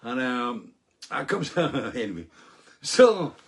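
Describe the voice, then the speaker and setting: Husky-voiced man telling a rambling tale. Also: medium pitch, very animated, slow. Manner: rambling, self-mocking, laughs through the story, fillers like right. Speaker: storyteller. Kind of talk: casual anecdote to camera.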